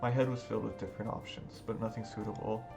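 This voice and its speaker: A man's voice: fairly low pitch, little pitch movement, fast, gravelly. A man hosting a let's play, reading a visual novel's first-person narration earnestly. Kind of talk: reading game narration aloud. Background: background game music.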